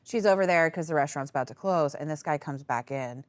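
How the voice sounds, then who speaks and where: A woman hosting a podcast, telling a work story in casual chat, animated and swearing freely, often laughing. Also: deep voice, quick pace, dry recording. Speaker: podcast host.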